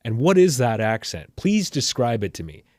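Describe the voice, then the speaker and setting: A man's voice: medium pitch, very animated, normal speed, a little mellow, dry recording, clean studio sound. A man from Canada with a Canadian accent, a podcast producer in casual chat. He speaks earnestly and emphatically, often repeating his point.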